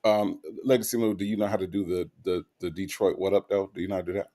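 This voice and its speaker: A man's voice: low voice, steady tone, quick pace, dark tone. A man hosting a casual livestream talk show, reading out viewer comments and repeating phrases for effect.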